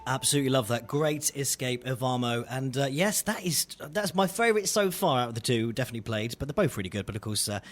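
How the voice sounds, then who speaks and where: A man's voice: medium pitch, expressive, fast talker, few pauses, faint music behind. A man with a Southern English accent hosting a live radio interview, chatty and laughing often. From southern England. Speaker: radio DJ host.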